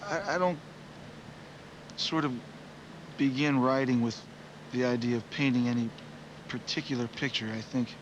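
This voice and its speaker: A man's voice: medium pitch, steady tone, moderate pace, lo-fi sound, noisy background. Reflective man musing in an interview. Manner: rambling, reflective, many "you know" fillers. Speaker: musician. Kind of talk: casual interview answers.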